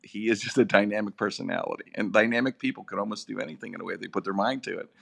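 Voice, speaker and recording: A middle-aged man, a radio personality, telling comic stories in a lively, animated way. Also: racing, vocal fry. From Pittsburgh area, USA. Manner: lively, comic, with big swings in pitch. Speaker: radio personality and podcast host, guest. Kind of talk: animated storytelling.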